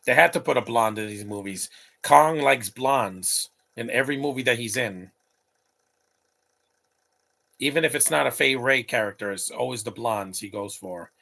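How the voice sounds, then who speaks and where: A man's voice: medium pitch, moderate pace, vocal fry, bright, forceful tone. A man in his late thirties giving opinionated, rambling live commentary over a movie, talking back at the screen. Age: late 30s.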